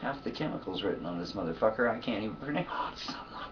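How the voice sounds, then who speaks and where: A man's voice: fairly low pitch, expressive, brisk, far from the mic, dull audio, noisy background. A man talking to his camera in a loose, profane monologue, sleepy and yawning, laughing often between thoughts. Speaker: vlogger. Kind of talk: casual rambling monologue.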